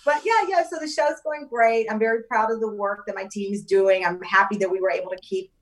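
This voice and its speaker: A woman guest chatting in an animated, laughing way, full of quick asides. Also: medium pitch, distant mic. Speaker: guest, TV talk show host. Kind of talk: casual interview chat.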